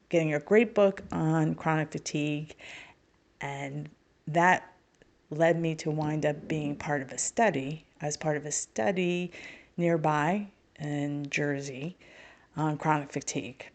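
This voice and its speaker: Middle aged lady, podcast guest sharing her story, bit of creaky fry, candid n wry. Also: low voice, darkish tone. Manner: candid, wry, self-mocking humor. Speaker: podcast guest, spiritual healer. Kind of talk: personal storytelling.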